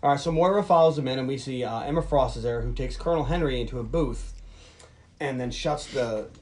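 A man's voice: medium pitch, fairly quick. A man co-hosting a movie podcast, retelling scenes in casual chat and acting out quotes. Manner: animated storyteller, acts out quotes. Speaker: podcast co-host.

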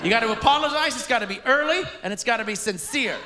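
Male comic, very high voice, punchy wry delivery, live stage recording that echoes, with crowd laughter behind. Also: expressive, fast talker. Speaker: stand-up comedian. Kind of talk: live stand-up comedy set. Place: stage at a live taping before an audience. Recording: echoey venue with crowd noise. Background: audience laughter and ambience.

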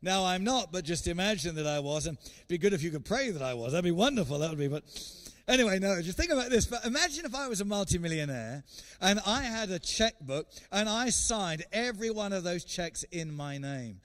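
A man preaching a sermon as an evangelist guest speaker, telling a story in an animated way and often repeating words. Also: high voice, a little fast. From England.

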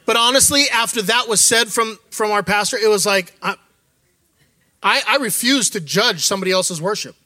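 With a high-pitched, sharp voice at normal speed and no echo, a middle-aged man preaches candidly and conversationally as an associate church leader. He drops quoted asides into his sermon.

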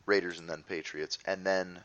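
A man's voice: sits low, level tone, moderate pace, fairly bright tone, highs cut off. A man hosting a podcast in casual chat, wry and joking, with some swearing. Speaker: podcast host.

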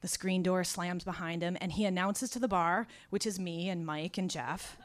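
A woman telling a personal story out loud, dry and wry, turning raw and intense as it goes. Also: medium pitch, moderate pace, few pauses. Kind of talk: first-person spoken storytelling.

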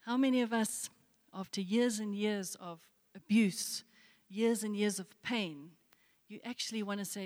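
A woman's voice: medium pitch, measured pace, a little mellow. A woman preacher giving a sermon, telling a story and asking her listeners again and again to imagine it. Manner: storytelling with repeated rhetorical questions. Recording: long hall reverb.

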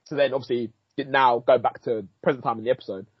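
A man, co-hosting a podcast and excitedly recapping an episode in slangy, sweary casual chat. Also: medium pitch, fast, slightly rough, dry recording. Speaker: podcast co-host. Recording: dull lo-fi, dry.

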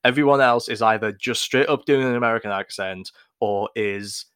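A man's voice: fairly low pitch, moderate pace, a bit bright, clear, resonant tone, dry recording, studio quality. A man co-hosting a film podcast, laying out long analytical arguments in casual discussion. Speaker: podcast co-host.

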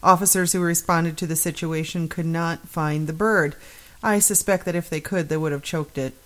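A woman's voice: deep voice, steady tone, normal speed. A woman co-hosting a radio show, reading odd news stories, giggling often and protesting in mock outrage at the host's jokes. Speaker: radio co-host.

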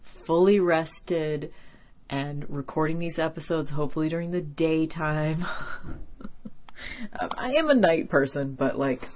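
A young woman with a low voice hosts a casual episode recap. She rambles in a chatty, profane way, leaning on "like" constantly. There is a tired edge from a long workday. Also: measured pace, a little mellow. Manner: chatty, profane, heavy use of "like". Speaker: podcast host.

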